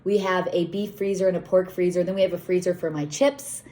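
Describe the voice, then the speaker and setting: A woman's voice: lowish voice, steady tone, a little fast, warm tone. Chatty middle-aged woman on a farm. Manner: chatty, rambling, talks to her animals. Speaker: farm owner and vlogger. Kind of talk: casual chat on a farm tour. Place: outdoors on a farm in the cold.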